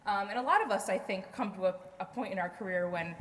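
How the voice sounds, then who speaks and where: A woman's voice: mid-range voice, fast talker, fairly bright tone. Woman hosting an event Q&A. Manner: friendly, thankful, with fillers. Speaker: event host, committee chair. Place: event hall. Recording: echoey hall with audience, faint hiss.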